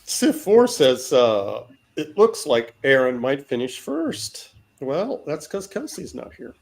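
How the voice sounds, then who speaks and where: A man's voice: mid-range voice, sing-song, takes it slowly, vocal fry. A man co-hosting a casual chat and reading out viewer comments, with a dry wit. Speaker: co-host.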